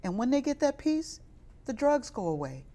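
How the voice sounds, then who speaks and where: A woman's voice: sits high, very animated, moderate pace, mellow. Woman, middle-aged, from Chicago, youth minister, interview guest, earnest, preacher's fervor. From west side of Chicago. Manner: earnest, rises into fervent preaching. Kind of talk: interview testimony.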